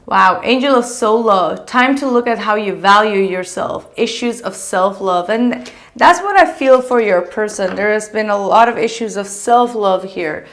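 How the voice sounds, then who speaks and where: Woman, tarot reader, casual and gushing, mid-pitched, lots of fillers. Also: unhurried. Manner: chatty, gushing, many fillers.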